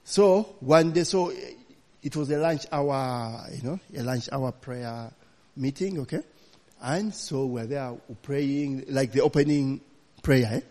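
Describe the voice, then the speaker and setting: A man's voice: mid-range voice, takes it slowly, warm tone, big-room sound. A man preaching a storytelling sermon, chatty and laughing, often tagging lines with "you know, eh?".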